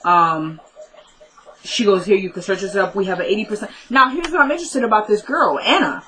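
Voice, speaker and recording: Bright-voiced woman recapping a TV episode. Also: medium pitch, fairly quick, rough recording. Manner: chatty, retells scenes by quoting characters. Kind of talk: casual recap monologue.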